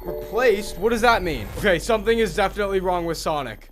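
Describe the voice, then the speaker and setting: Young man, horror game commentary, jumpy, excitable, high voice, game music behind. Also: quick pace, few pauses. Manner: jumpy, excitable, screams at scares. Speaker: gaming video creator.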